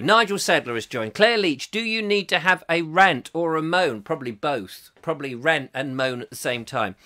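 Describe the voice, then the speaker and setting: A man's voice: on the high side, bright, forceful tone. A man hosting a live-stream chat show, reading out viewer comments in a jokey, rambling way and laughing often. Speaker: host.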